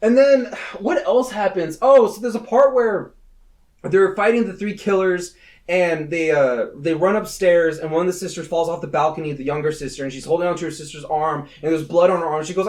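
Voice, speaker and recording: Male podcast co-host, high-pitched, animated storyteller, swears a lot, does quick character voices. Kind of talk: casual podcast chat, retelling a movie plot.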